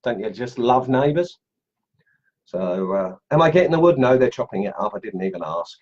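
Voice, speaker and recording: A middle-aged Australian man hosting a casual woodcarving livestream from his home workshop, chatty and excitable, laughing as he tests knives and greets viewers. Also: mid-range voice, moderate pace, highs cut off. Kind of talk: casual live-stream chat, unboxing and testing knives.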